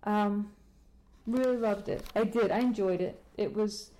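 A woman hosts her podcast in a loose, casual chat from home. She rambles with frequent fillers and false starts, at a middling pitch. She wanders around the room as she talks. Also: unhurried, warm tone. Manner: rambling, many fillers and restarts; moves around the room while talking. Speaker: podcast host.

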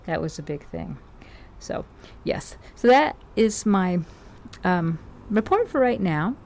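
A woman's voice: lowish voice, big pitch swings, takes it slowly, gravelly, darkish tone. A middle-aged woman chatting casually to her viewers, rambling and correcting herself as she goes. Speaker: vlogger.

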